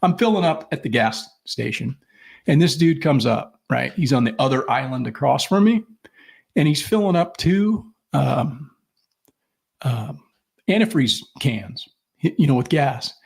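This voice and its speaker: A middle-aged man with a gravelly, husky voice tells long, rambling stories in casual chat. He swears freely and acts out the people he quotes. His pitch sits in an ordinary middle range. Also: expressive, unhurried. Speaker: podcast co-host.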